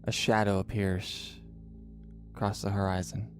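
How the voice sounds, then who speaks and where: A man narrating a tabletop game as game master, in a dramatic, drawn-out style with pauses. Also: lowish voice, level tone, music in the background.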